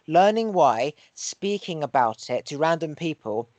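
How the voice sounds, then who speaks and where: Male podcast host, earnest and preachy, higher-pitched voice, dry close sound. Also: big pitch swings, a little slow, a little mellow, no echo, dull audio. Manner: earnest, preachy, repeats phrases in rhythm; swears for emphasis. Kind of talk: casual podcast chat.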